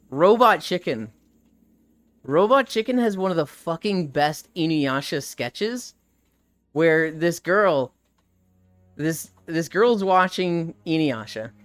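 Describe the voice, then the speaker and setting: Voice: mid-range voice, takes it slowly, long pauses, smooth, dry recording, soft background music. A streamer chatting casually and rambling with live viewers, laughing often and swearing freely. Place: outdoors walking.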